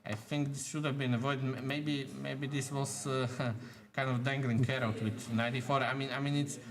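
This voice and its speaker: A man's voice: mid-range voice, flat delivery. Guy talking through chess moves, stops and restarts a lot, crowd murmuring behind. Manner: halting, repeats words, thinks aloud over moves. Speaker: chess commentator. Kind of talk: live chess commentary.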